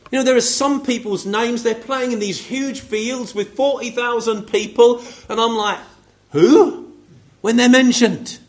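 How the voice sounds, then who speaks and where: High-voiced preacher. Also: male voice. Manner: conversational, addressing congregation members by name; asks the listeners rhetorical questions. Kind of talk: sermon.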